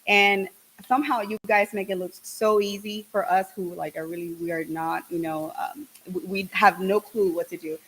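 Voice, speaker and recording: A woman co-hosting a casual livestream, bubbly and effusive as she gives shout-outs to viewers. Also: medium pitch, fairly even intonation, moderate pace, a little hiss or hum, rough recording. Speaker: podcast host. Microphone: single shared microphone.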